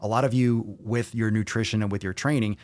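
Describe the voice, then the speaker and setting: A lower-voiced man hosts a loose livestream fitness Q&A. He talks bluntly and swears freely, all off-the-cuff, into a close, dry mic. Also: steady tone, a little fast, a little mellow, no room sound. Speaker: fitness podcast host. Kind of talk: casual livestream Q&A.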